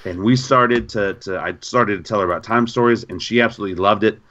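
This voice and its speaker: A man co-hosting a gaming podcast in casual chat, an animated storyteller who repeats himself. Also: on the low side, fast, lo-fi sound. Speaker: podcast co-host.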